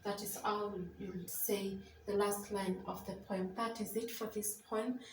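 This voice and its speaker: Brief: female English teacher, measured explainer reading verse aloud, off-mic in a roomy space. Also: medium pitch, fairly even intonation, distant mic, background noise. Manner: reads verse aloud, then explains each point slowly. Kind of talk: poetry lesson explaining a poem.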